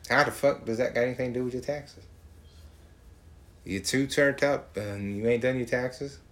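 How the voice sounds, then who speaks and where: A man's voice: medium pitch, normal speed. Profane ranting man. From Georgia, US. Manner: profane, mocking, animated. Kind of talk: casual rant.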